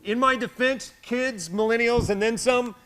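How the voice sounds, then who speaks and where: A man from the American South hosting an entertainment chat show, talking as an excitable, self-mocking super-nerd. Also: extremely high pitch, measured pace, a little hiss or hum. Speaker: show host.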